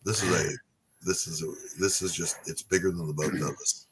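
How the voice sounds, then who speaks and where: Middle-aged guy hosting a chat, real low husky voice, rambly and jokey about himself. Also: steady tone, a little fast, fairly bright tone. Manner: rambling, self-deprecating, joking. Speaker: podcast host. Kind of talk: casual chat.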